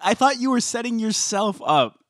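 A man's voice: extremely high pitch, expressive, moderate pace, no echo. A young man co-hosting a podcast in casual chat, teasing with dry humor. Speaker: podcast co-host.

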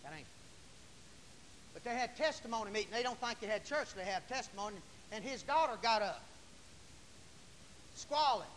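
A male Pentecostal preacher, folksy and fiery, preaching a sermon in church and shouting hallelujahs. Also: very high voice, fairly quick. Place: church sanctuary. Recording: long church reverb, faint hiss.

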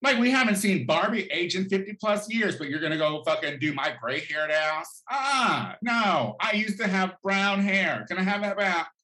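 A man's voice: high-pitched, expressive, moderate pace, few pauses, sharp tone, voice pushed up. A man voicing an aging queen who indignantly demands to be shown young again, in a campy, raised voice, recorded in an echoey room.

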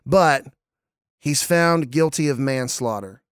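A man hosting a casual movie podcast, excitable, laughing often and stumbling over repeated words. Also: medium pitch, takes it slowly, clear, resonant tone, no echo, clean studio sound. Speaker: podcast host.

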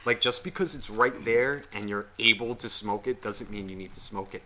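Podcast co-host, man, bright animated delivery, profane and rambling. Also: fairly low pitch, normal speed, slight background noise. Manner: animated, heavy swearing, rambling storytelling. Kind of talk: casual profane chat.

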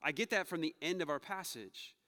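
A man preaching a conversational sermon, moving between playful asides and quiet, earnest passages. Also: on the high side, lively intonation, fairly quick. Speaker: pastor. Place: church sanctuary. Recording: long reverb of a church hall.

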